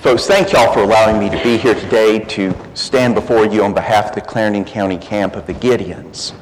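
A man's voice: lowish voice, brisk. Folksy man in a reverberant church. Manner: folksy, self-deprecating humor. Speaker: guest speaker from the Gideons. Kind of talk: church talk opening with a joke. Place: church sanctuary. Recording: long church reverb, faint hiss.

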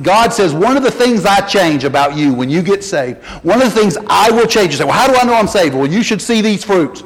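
A preacher man delivers a folksy sermon with a fairly high voice that climbs when he presses a point. His words ring out with a long reverb, as if heard across a church hall. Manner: folksy, animated preaching with rising emphasis. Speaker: pastor.

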